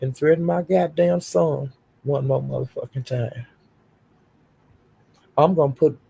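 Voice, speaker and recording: Gravelly older woman on a profane rant. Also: sits low, measured pace, long pauses, warm tone. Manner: profane, confrontational, defiant. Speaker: YouTube streamer. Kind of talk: livestream rant.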